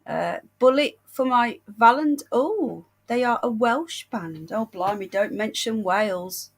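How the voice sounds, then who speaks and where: Brief: British woman livestream host, husky voice, under the weather and breathless, warm endearments. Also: on the high side, lively intonation, slow. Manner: chatty, affectionate, greets viewers with endearments. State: unwell, short of breath. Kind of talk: casual livestream chat.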